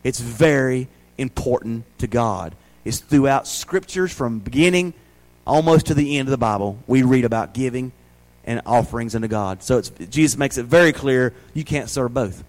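A man's voice: medium pitch, animated, normal speed, low-quality recording. A man in his forties with a Southern US accent, preaching a folksy sermon full of rhetorical questions. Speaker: pastor.

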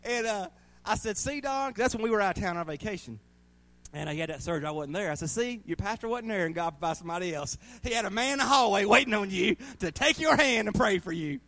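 High-voiced pastor telling stories. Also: male voice, animated, fast talker. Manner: folksy storytelling, laughing often, rising to loud bursts. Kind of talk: sermon.

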